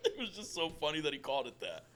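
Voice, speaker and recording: A man's voice: fairly high pitch, fast. A young adult man telling a story in a casual podcast chat. He swears often and acts out what people said. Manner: lively, swearing, acts out quotes. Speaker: podcast co-host.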